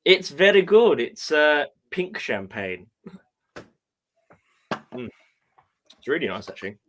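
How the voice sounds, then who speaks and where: A man's voice: on the high side, sing-song, takes it slowly, fairly bright tone, slight background noise. A man chatting casually over drinks, chuckling and swearing freely.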